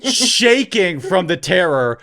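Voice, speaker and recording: A man from Canada in his thirties, co-hosting a podcast and telling a story in a casual, animated way, loudly acting out the people he quotes. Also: sits high, takes it slowly. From Ontario, Canada. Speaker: podcast co-host.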